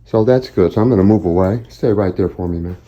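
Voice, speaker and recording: A man working as a dog trainer, explaining each step of a training session to the camera in a steady, instructive way. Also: low-pitched, fast, lo-fi sound.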